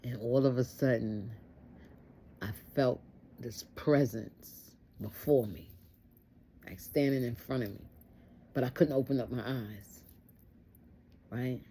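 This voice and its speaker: Woman telling a personal story, gravelly, dark mellow tone, earnest and repetitive. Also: rumbling low, slow, pauses often, slight background noise. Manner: earnest, repeats phrases for emphasis.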